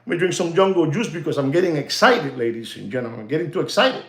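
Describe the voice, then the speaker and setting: A man delivering a rambling monologue about the market as a show host. He has a somewhat high voice, talks excitably and repeats himself, and he often turns to address his audience directly. The sound carries a noticeable room echo. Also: quick pace. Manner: excitable, repetitive, addresses "ladies and gentlemen".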